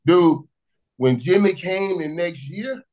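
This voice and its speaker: A former pro football receiver from Miami, appearing as a guest, tells animated stories in casual conversation. His voice is high-pitched and slow, and he's lively, repeating words and breaking into bursts of laughter. The recording is low quality.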